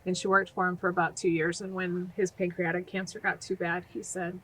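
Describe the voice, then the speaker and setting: A woman's voice: lowish voice, a little fast, few pauses. Earnest woman telling stories, noisy background. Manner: earnest, animated storytelling. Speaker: guest, nonprofit founder. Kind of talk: podcast interview.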